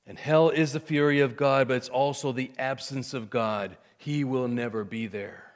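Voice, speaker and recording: A man preaching a sermon, swinging from hushed, intimate lines to loud, emphatic cries. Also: medium pitch, fairly even intonation, moderate pace. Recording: long hall reverb.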